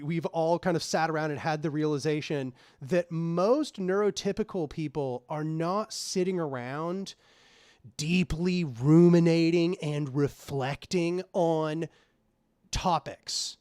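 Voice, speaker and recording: A man from Oklahoma hosting a livestream, talking through chat messages in a loose, rambling way. His voice sits slightly high. The mic is close and the sound is dry. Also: a little mellow, no room sound. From Oklahoma, USA. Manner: rambling, conversational, frequent laughs. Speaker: livestream host. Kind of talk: livestream chat reading and commentary.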